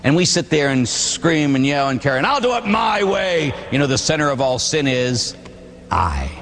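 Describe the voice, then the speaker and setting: Man from Pittsburgh, Catholic priest, storytelling sermon, lively swooping voice, long hall echo. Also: medium pitch, moderate pace, slight background noise. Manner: animated, theatrical, acts out voices.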